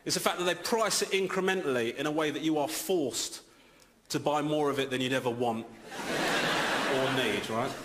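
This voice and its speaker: A man's voice: on the high side, moderate pace. A man performing a stand-up comedy routine on a theatre stage, telling stories and acting out voices with exasperated outbursts. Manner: animated storytelling, acting out voices, rising to exasperated shouts. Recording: echoey theatre with loud noise.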